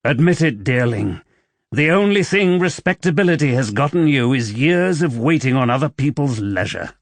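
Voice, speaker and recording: A man voicing a brooding, persuasive young nobleman who speaks with low, coaxing intensity in an audiobook. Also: animated, normal speed, no room sound, close to an everyday voice.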